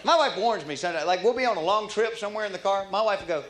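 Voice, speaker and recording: A man with a high voice performs folksy stand-up on a comedy club stage, talking very fast with few pauses. He tells stories in a drawling manner, and the roomy live recording catches audience laughter and noise.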